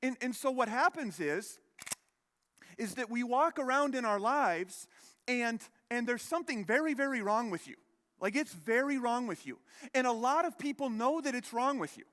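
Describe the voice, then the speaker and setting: A man's voice: extremely high pitch, animated, normal speed, fairly bright tone. A man in his thirties preaching a sermon as pastor, telling a rambling personal story with many restarts and self-deprecating asides. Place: church sanctuary. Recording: long hall reverb.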